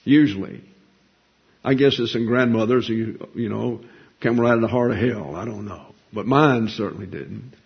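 A man's voice: fairly low pitch, normal speed, gravelly, breathy edge. A man preaching a sermon in a folksy, conversational way, asking rhetorical questions and answering them. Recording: dull lo-fi recording.

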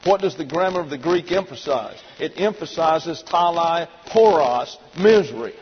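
A man's voice: on the high side, animated, normal speed, few pauses. A man teaching a verse-by-verse Bible lesson, methodically spelling out Greek words letter by letter. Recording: dull lo-fi recording in a reverberant hall with faint noise.

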